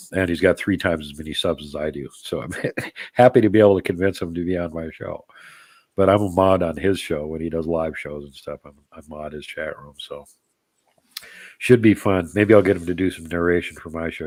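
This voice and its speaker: Very deep-voiced man hosting casual chat. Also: darkish tone, no room sound. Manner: rambling, joking, answers chat comments by name. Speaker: podcast host. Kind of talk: casual live-stream chat.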